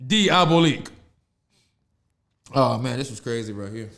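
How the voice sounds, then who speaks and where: A man's voice: mid-range voice, a little slow, gravelly. A man hosting a casual podcast, telling stories with slang and laughing often. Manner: animated storyteller, laughs often, Southern slang. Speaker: podcast host. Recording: echoey room.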